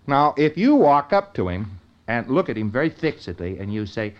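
A man's voice: medium pitch, big pitch swings, normal speed. A man giving an informal lecture in a conversational way, often checking in with his listeners.

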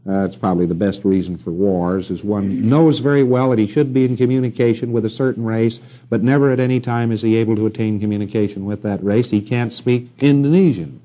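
Brief: middle-aged male lecturer, low and mellow, rambling and wry, old muffled tape. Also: steady tone, brisk. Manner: rambling, wry asides, rhetorical questions to the room. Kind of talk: recorded lecture to an audience.

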